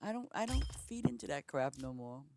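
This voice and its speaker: A middle-aged woman game streamer chats casually on a live stream from home, blunt and matter-of-fact, often restarting her sentences. Her voice is extremely low yet sing-song and a little fast, with background noise in the recording.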